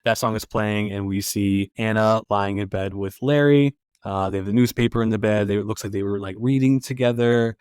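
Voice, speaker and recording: A man hosting a podcast, casually recapping a film scene and acting out its lines in a quieter voice. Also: lowish voice, a little fast, few pauses, clean tone, dry recording. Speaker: podcast host.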